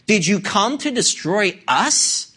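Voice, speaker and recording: A defiant male unclean spirit cries out in a raised, drawn-out voice, hostile and loud, as a preacher acts him out in a sermon. The voice rides higher than plain speech. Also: very animated, slightly rough, exaggerated voice.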